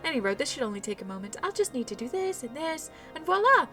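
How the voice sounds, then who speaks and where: A woman's voice: high voice, sing-song, quick pace, sharp tone, voice pushed up, exaggerated voice. A woman reading the lines of a chatty, helpful male cook in a game, with faint music behind. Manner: folksy, old-fashioned chatter.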